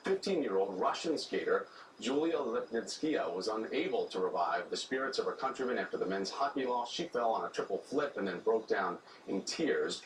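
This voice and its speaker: A man's voice: on the low side, expressive. Man reading morning news briefs. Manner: brisk, conversational news delivery. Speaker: news anchor. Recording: roomy studio, distant mic, faint noise.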